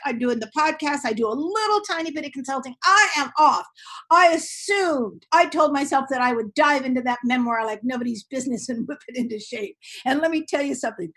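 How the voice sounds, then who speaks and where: A middle-aged woman hosts a podcast in relaxed, animated conversation. Her voice sits high, and she laughs easily as she talks. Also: rough recording. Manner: chatty, animated, laughs often. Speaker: podcast host. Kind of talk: casual chat.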